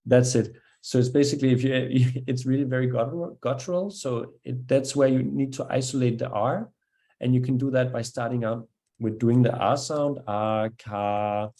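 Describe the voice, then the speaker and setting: A man with a Danish accent gives a patient one-on-one pronunciation lesson, modelling sounds slowly and praising the learner's attempts. His voice is mellow and dark, sitting at an ordinary middle pitch. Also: fairly even intonation. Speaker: language teacher.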